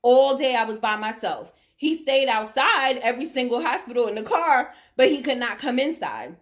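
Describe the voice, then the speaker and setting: A woman's voice: on the high side, expressive, moderate pace. A middle-aged woman telling a personal story to her audience, emphatic and often checking in with her listeners. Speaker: vlogger sharing her diagnosis story.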